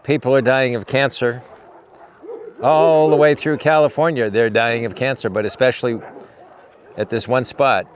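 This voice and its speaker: A man of medium pitch hosts an outdoor vlog at his animal sanctuary. He rambles to the camera, repeating himself, then coos gentle, near-murmured praise to his dogs. A faint hiss sits under his voice. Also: steady tone, moderate pace, long pauses. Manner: rambling, repeats himself when talking to the audience. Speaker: animal rescuer and show host.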